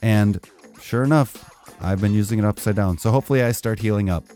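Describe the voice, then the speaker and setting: A man's voice: lowish voice, fairly quick, soft background music. Rambling, laid-back podcast co-host man. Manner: relaxed, rambling, self-deprecating. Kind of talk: casual chat.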